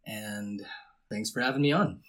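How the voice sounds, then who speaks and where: A man from the Philippines, a guest on a casual podcast, introducing himself briefly and in a low-key way. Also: a little slow, fairly bright tone.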